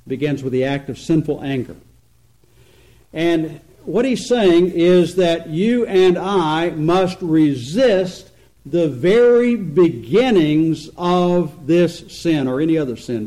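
A man preaching an expository sermon, earnest and emphatic, slowing down to stress points and swinging between loud and quiet. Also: a little high, low-quality recording. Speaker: pastor.

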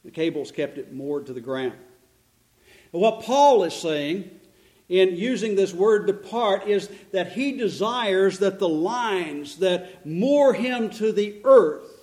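A man's voice: high voice, a little mellow. A middle-aged male pastor preaching a sermon, telling stories and asking and answering his own questions.

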